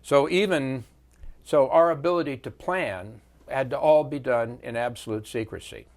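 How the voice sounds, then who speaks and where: With a mid-range voice, a veteran in his seventies reflects on wartime in an interview, speaking in a measured storytelling style that pauses often.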